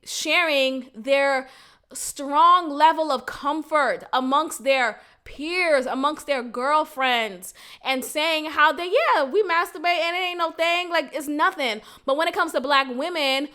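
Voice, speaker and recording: High bright-voiced woman podcast host. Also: slow. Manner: frank and profane, laughs often, animated. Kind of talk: candid casual monologue.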